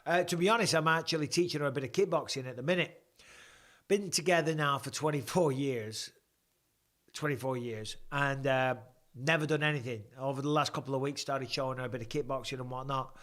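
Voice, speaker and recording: A man's voice: mid-range voice, fairly quick, a bit bright. A man in his forties chatting casually through live fight commentary at home, joking and answering viewer questions. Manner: chatty, jokey banter reading viewer questions aloud. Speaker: live stream host.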